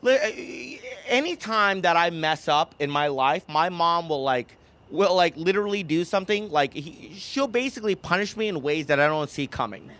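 A young man from the United States performing a stand-up comedy set, punchy and animated, slipping into mocking impressions. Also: fairly high pitch, normal speed. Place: comedy club stage. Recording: live club recording with crowd noise. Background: audience laughter.

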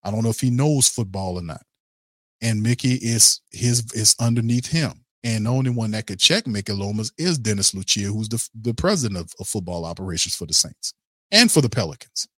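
A man's voice: lowish voice, animated, a little fast, fairly bright tone, dry recording, studio quality. A man hosting a sports podcast, ranting in a blunt, heated and profane way to his live chat. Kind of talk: casual sports commentary rant.

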